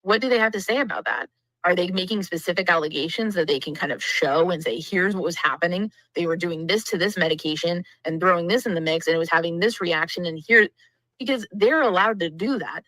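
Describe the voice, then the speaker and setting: Female co-host, lowish pitch, bright tone, dry close sound; analytical livestream chat. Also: brisk, no room sound, poor audio. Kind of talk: livestream discussion.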